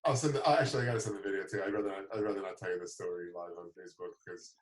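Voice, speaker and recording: A man's voice: deep voice, racing, far from the mic, a crowd in the background. A man hosting a casual livestream, telling a story and laughing through it. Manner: laughs through his stories, animated retelling. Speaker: show host. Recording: roomy, from away from the mic.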